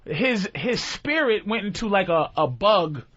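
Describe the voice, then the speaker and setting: A man guesting on a radio show, retelling film plots with an animated, profane comic flair and acting out characters. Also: high-pitched, a little slow, dull audio. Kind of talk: comic storytelling.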